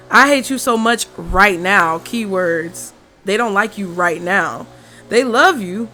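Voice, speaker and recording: A woman's voice: mid-range voice, sharp tone. A woman giving a casual tarot reading at home, chatting, swearing freely and thinking aloud as she turns the cards. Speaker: tarot reader. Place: room at home with a window open. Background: faint street and traffic noise.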